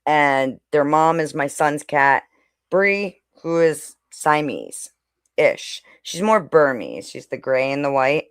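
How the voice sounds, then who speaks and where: Woman co-host, casual chat, unhurried, dry close sound, coos at pets between sentences. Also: deep voice, expressive, clean tone, dry recording. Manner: chatty, coos and talks to her pets while speaking.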